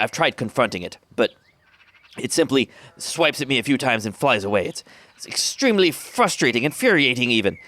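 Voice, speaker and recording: A well-spoken female orc tribal herder, voiced by a man, formal and a little long-winded, pausing often as she searches for words. The pitch rises and falls with lively movement. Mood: frustrated. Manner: formal, rambling, hesitant with frequent "uh" pauses.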